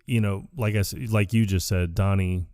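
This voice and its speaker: Casual male podcast co-host, slightly low voice, dry close mic, lively retelling. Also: moderate pace, clean tone, no echo. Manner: animated, acts out quoted lines with laughter. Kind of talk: casual chat about a film.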